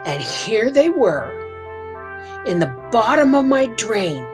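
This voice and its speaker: A woman's voice: a little high, sing-song, takes it slowly, over music, low-quality recording. A woman vlogging from her homestead, telling a rambling, emotional story in a folksy, chatty way. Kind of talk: casual storytelling to camera.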